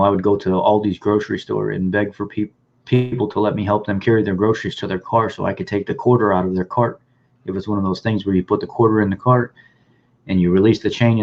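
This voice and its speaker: Man with a lowish voice, halting personal storytelling, slightly dull lo-fi recording. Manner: halting, repeats words, plain spoken. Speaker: vlogger telling his life story. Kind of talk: personal storytelling, reading news clippings aloud. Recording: dull, lo-fi sound.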